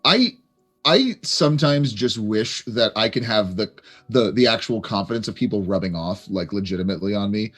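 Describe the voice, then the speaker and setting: A man's voice: on the low side, animated, moderate pace, a bit bright, faint music behind. A man chatting casually on a live stream, rambling playfully and stammering through many restarts. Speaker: chat show panelist.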